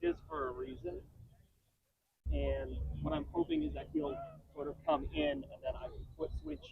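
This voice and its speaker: A man's voice: extremely high pitch, wildly swooping pitch, normal speed, vocal fry, crowd noise. A man demonstrating footwork and explaining his fighting technique as he goes. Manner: walks through footwork while demonstrating. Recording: tinny phone-like sound.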